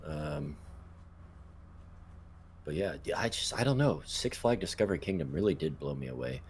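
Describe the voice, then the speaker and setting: A man's voice: rumbling low, big pitch swings, moderate pace, a little hiss or hum. A man co-hosting a casual podcast, laid-back and swearing now and then, trailing off with ums. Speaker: podcast co-host.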